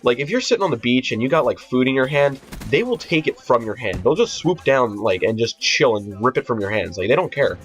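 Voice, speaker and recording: A man's voice: mid-range voice, sing-song, a little fast, few pauses. A teenage boy telling a rambling, profane storytime vlog, full of fillers and restarts. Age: teens. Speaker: vlogger. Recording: dull lo-fi audio with faint music.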